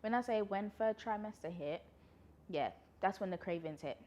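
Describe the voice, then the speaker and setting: A woman's voice: mid-range voice, moderate pace, darkish tone, muffled recording, a little hiss or hum. A woman, chatting casually through a pregnancy Q&A vlog, a little out of breath and laughing often. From London, UK. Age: 20s. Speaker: vlogger.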